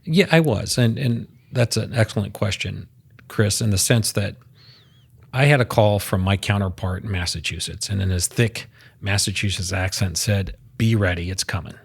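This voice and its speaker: A man's voice: fairly low pitch, normal speed, vocal fry, slightly rough. A man speaking as a guest on a podcast, emphatic, piling up figures and restarting his words. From United States. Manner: emphatic, statistic-heavy, repeats words when starting. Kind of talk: casual podcast interview.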